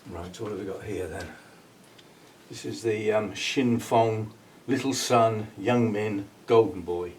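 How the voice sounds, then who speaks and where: A low-pitched man talks through a plant-care demonstration in a loose, chatty way, thinking aloud and laughing at his own asides. He stands back from the microphone, so his voice sounds distant, with a faint hiss of noise behind it. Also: takes it slowly. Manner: chatty, muses aloud while working, chuckles at himself. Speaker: orchid grower and channel host. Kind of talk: casual hands-on demonstration. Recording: faint background noise, speaking away from the mic.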